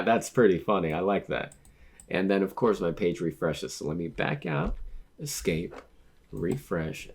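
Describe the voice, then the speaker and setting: A man reading a manga aloud and reacting to it. He gets excitable and stammers when something surprises him. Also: low-pitched.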